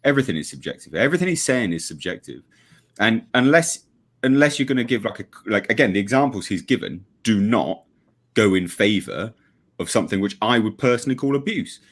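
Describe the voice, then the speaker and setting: A man's voice: fairly low pitch, expressive, brisk, fairly bright tone. A man giving blunt, sweary, sarcastic livestream commentary as a regular panelist.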